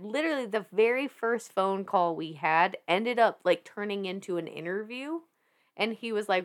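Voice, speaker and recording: This podcast guest is a thirtysomething woman with a Southern US accent and a mid-range voice at normal speed. She recounts a story animatedly and casually, laughing a lot, swearing, and starting sentences over.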